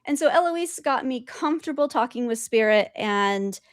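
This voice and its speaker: A woman guest telling her spiritual experiences in an animated way, laughing often and acting out quotes. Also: fairly high pitch, normal speed, dry recording, studio quality. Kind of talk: storytelling in conversation.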